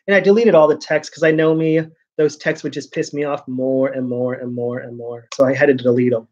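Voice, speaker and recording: A man's voice: medium pitch, fairly even intonation, fairly quick, darkish tone, dull audio. A man vlogging in a casual, rambling way, venting his frustration and repeating words as he goes.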